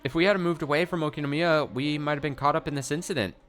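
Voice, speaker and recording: A man's voice: on the high side, sing-song, fairly quick, fairly bright tone, pitched above the performer's own voice. Een angstig tienermeisje met geforceerde vrolijkheid, voorgelezen door een man, hoger dan zijn eigen stem. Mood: anxious. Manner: forced cheer, strained. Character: anxious teenage girl.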